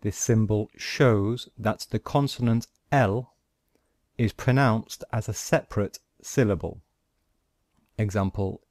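Male teacher, lowish voice, very slow measured delivery, dry close sound; walks learners through symbols. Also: darkish tone, no echo. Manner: slow, deliberate, explaining step by step. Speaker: language teacher. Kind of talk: screen-recorded pronunciation lesson.

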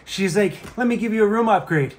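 A man's voice: high voice, a little fast, slight background noise. A man chatting casually to the camera in a travel vlog, laughing often and talking fondly to his dog. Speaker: van life vlogger.

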